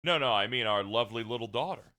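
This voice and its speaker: A man doing a doting gentle professor-father. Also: mid-range voice, quick pace, close to an everyday voice. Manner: doting, tender. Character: gentle devoted male professor and new father.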